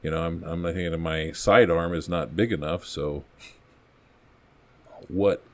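A man with a very low, deep voice spins a small-town story in an easygoing, rambling way. He acts out the quoted lines as he tells it, in the relaxed rhythm of a podcast guest recounting his old police calls. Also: unhurried. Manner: folksy, rambling anecdotes with acted-out quotes. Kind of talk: casual storytelling.

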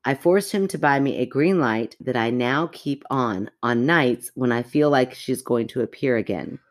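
A woman's voice: a bass voice, normal speed. Chatty woman podcaster reading aloud. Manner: animated, chatty, interjects reactions while reading. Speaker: podcast co-host. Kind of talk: reading a listener's story aloud, casual chat.

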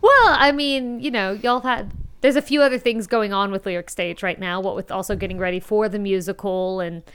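A woman's voice: medium pitch, steady tone, fairly quick, a bit bright, smooth. A woman co-hosting a podcast, chatting casually with dry, easygoing banter. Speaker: podcast co-host. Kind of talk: casual chat.

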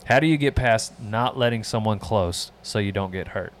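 A man with a fairly low voice reads listener questions aloud and fires back short, dry, joking advice. The talk is relaxed and casual, with a faint hum of room noise behind him. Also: moderate pace. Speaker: host reading out listener questions. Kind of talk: casual chat.

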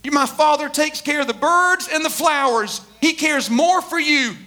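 A man's voice: very high-pitched, moderate pace, sharp tone. A male pastor giving a conversational sermon, emphatic, often repeating words and restarting his sentences.

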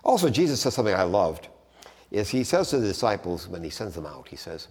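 A man giving a conversational theology lecture, restarting phrases and stressing points with sudden animated rises. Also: fairly low pitch, a little fast. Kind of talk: teaching talk on theology. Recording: long hall reverb.

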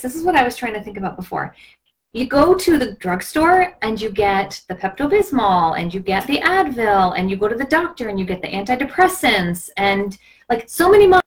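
A woman hosting a live video stream in a casual, gushing and impassioned way, sometimes slipping into a preachy tone. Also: on the high side. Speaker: host of a live product video.

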